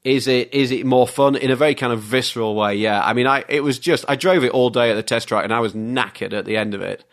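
A man talks cars in a loose, chatty podcast, piling one story onto the next with real enthusiasm. His voice sits at an everyday middle pitch. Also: quick pace. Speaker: guest, car journalist. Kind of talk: casual podcast chat.

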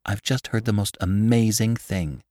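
A man's voice: fairly low pitch, normal speed, dry recording, clean studio sound, close to an everyday voice. A man voicing a cool offhand young woman. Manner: hushed, offhand.

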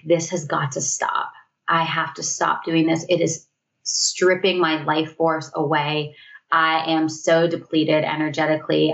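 Woman guest, earnest reflective storyteller, lower voice, slightly muffled audio. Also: gravelly. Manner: earnest, reflective, often quotes her own thoughts. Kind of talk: candid storytelling in conversation.

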